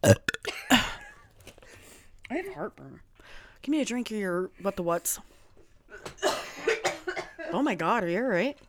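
A woman's voice: medium pitch, very animated, slow pace, pauses often, a little hiss or hum. A woman co-hosting a casual chat, swearing freely and fighting off laughing fits while trying to get back on track. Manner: giggly, swears freely, keeps trying to refocus. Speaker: podcast co-host.

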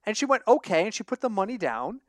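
A young man co-hosting a casual sports betting podcast, telling stories with lively acted-out quotes and frequent laughter. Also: high voice, fast talker, dry recording, clean studio sound. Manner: animated storyteller, acts out quoted voices, laughs often. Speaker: podcast co-host.

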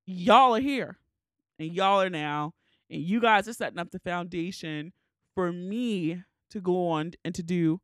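A woman's voice: lowish voice, a bit bright, no echo, clean studio sound. A woman hosting a solo podcast, crying as she speaks candidly and swears casually. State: tearful, crying. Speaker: podcast host.

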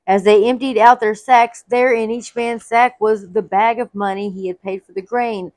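A woman's voice: a little high, steady tone, moderate pace, hardly any pauses, a little mellow, no echo. A woman narrating a Bible story aloud, reading expressively and acting out the quoted lines. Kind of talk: read-aloud scripture storytelling.

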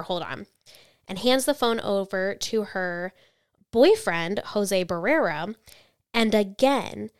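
A woman co-hosting a casual true-crime podcast, telling the story in a chatty way, with quotes read out flatly. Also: medium pitch, clean tone, no echo, clean studio sound. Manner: chatty, reads quotes flatly then reacts.

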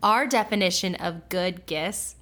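A woman co-hosting a faith podcast who tells animated stories in casual chat, full of fillers. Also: fairly low pitch, a little slow. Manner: animated storytelling with frequent fillers. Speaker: podcast co-host.

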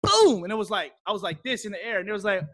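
A young man from Hawaii with a high, light voice, talking through his fighting story in a casual interview. He rambles and gets excitable, sometimes breaking into loud shouts. The recording is close and dry, with no room sound. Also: very fast, no echo.

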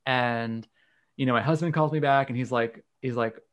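Give me a frank man telling a story in a relaxed chat. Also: medium pitch, normal speed. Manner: candid, frank, occasional swearing. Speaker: guest. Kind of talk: casual storytelling in a conversation.

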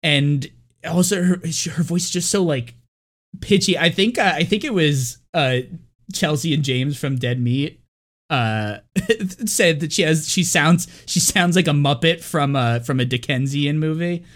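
A man's voice: on the high side, unhurried, a bit bright. Rambling man in casual movie chat. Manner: rambling, filler-heavy, does mocking character voices. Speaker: podcast co-host.

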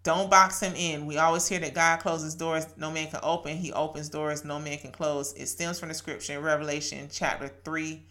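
On her podcast, a woman in her late thirties or forties gives a chatty, heartfelt devotional talk full of laughter and scripture references. She sits low in pitch, with a bright, forceful tone and a flat delivery, speaking at normal speed with hardly any pauses.

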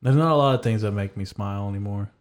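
A man hosting a podcast in casual chat, talking with a dry, deadpan sense of humor. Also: fairly low pitch, fast. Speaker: podcast host.

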